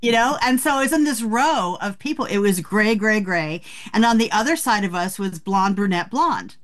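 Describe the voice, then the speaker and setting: A woman in her sixties, an author being interviewed, telling frank, animated stories about aging. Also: mid-range voice, normal speed. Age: 60s. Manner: frank, animated storytelling with laughs. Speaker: author guest. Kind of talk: candid interview talk.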